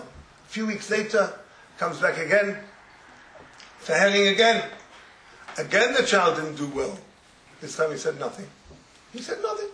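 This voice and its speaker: A man who teaches religious students, giving an informal Torah talk as an animated storyteller who laughs through his words and drops in Yiddish phrases. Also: a little high, a little hiss or hum. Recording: roomy echo, faint ambience.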